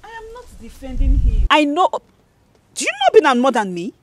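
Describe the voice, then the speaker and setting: A woman's voice: high-pitched, huge pitch swings, a little fast, slight background noise. An actress with a Nigerian accent playing a loyal wife who insistently defends her partner and pleads with her friend. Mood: pleading. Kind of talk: film drama acting.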